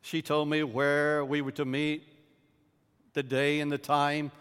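A man delivers a sermon as a story, unhurried and deliberate. His voice sits a little high and sinks to a hush for the tender moments. The sound rings out with a long echo in a church hall. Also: monotone, smooth. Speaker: pastor. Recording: reverberant hall.

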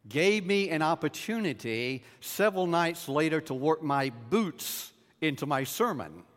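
Slow, storytelling preacher in a reverberant hall. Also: male voice, mid-range voice, smooth. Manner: dramatic storyteller, dropping to a hush in tender moments. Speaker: pastor. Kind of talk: storytelling sermon.

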